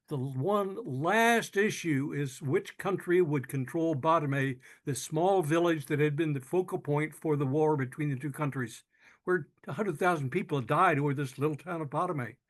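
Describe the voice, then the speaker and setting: An older man tells his story in an earnest, unhurried way. His voice sits a little high for a man, and he often stops to restart a phrase. He gets moved as he goes on. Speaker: speaker telling his own story. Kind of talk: personal storytelling talk.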